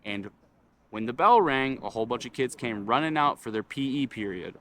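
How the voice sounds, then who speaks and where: A young man rants through a storytime vlog, cursing freely and getting worked up as he talks. His voice sits in an ordinary middle pitch. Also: moderate pace. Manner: animated, swearing, frustrated ranting. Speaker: vlogger.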